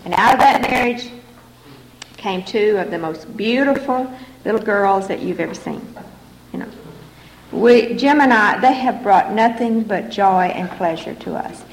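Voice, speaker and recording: An older woman tells her own story to a meeting audience in a frank, folksy way, with wry humor. Her voice has a gravelly edge. It rings around a roomy hall with a faint hiss underneath. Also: medium pitch, a little slow. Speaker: speaker sharing her story at a recovery meeting. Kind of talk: personal testimony to a meeting audience.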